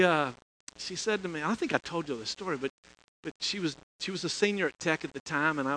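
Man, middle-aged pastor, folksy sermon storyteller, slightly high, bright tone, faint background noise. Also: low-quality recording. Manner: folksy, chuckling, restarts phrases.

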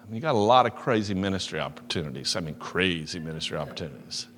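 A middle-aged man preaching a sermon, telling a story with loud emphasis and soft asides. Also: sits low, expressive, fast. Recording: long reverb of a large hall.

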